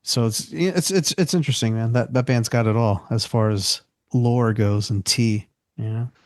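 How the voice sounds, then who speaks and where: A man's voice: medium pitch, normal speed, dry recording, clean studio sound. A man co-hosting a podcast, talking loosely and chattily in casual conversation. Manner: loose and chatty, heavy with fillers like "you know". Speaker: podcast co-host.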